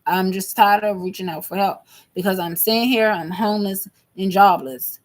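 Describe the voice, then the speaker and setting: Woman, 30s, vlog rant, emphatic, repetitive, agitated, medium pitch. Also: normal speed. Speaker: vlogger. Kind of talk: venting monologue to camera.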